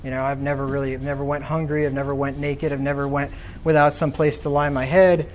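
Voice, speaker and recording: A man's voice: medium pitch, flat delivery, fast, a little hiss or hum. A man preaching a sermon in a church, reading scripture aloud and asking the congregation questions in a conversational way. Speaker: pastor.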